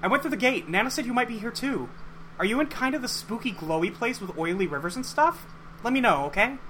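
A man's voice: very high-pitched, animated, quick pace, bright, forceful tone, slight background noise, pitched above the performer's own voice, exaggerated voice. A man voicing an upbeat, goofy teenage boy who talks in a casual, teasing way. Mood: playful.

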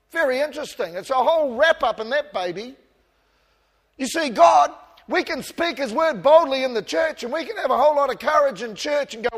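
A man with a high voice preaches a passionate sermon in a church. His voice swings from quiet, almost murmured asides to loud calls, with a light self-mocking humour. A long reverb trails every phrase. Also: lively intonation, normal speed, husky. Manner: self-deprecating humour with the congregation. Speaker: pastor.

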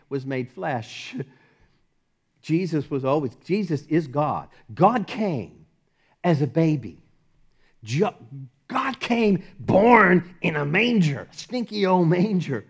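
A fervent male pastor with a fairly high voice delivers a sermon. He drops to near-whispers on repeated phrases, then builds to ringing declarations, stumbling over restarts and chuckling as he goes. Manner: impassioned, swings from hushed to loud with restarts and chuckles.

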